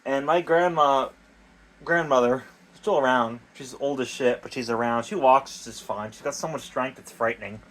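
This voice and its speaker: A man's voice: mid-range voice, moderate pace, fairly bright tone. A young man rambling casually and crudely in a vlog, swearing often, talking outdoors in the cold. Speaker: DIY vlogger.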